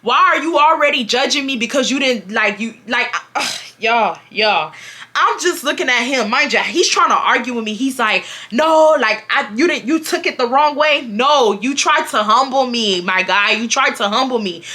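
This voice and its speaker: A woman in her twenties from Houston telling a storytime vlog in an expressive, slangy way, acting out what people said. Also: normal speed. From Houston, Texas. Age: 20s. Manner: expressive, slangy, acts out quotes with pitch jumps. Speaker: storytime YouTuber.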